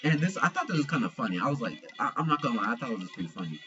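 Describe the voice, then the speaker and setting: A man's voice: mid-range voice, very animated, very fast, lo-fi sound, over music. A young man giving a casual manga chapter review, slangy and profane, retelling scenes with animation.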